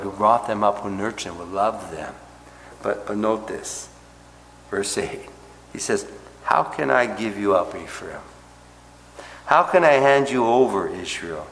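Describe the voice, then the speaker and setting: A man preaching an expository sermon as a pastor. He talks conversationally, often checking in with "right?" and "okay?", and drops to soft, hushed tones on tender points. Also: fairly low pitch, gravelly. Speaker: pastor teaching a Bible study. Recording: roomy hall reverb with faint background noise.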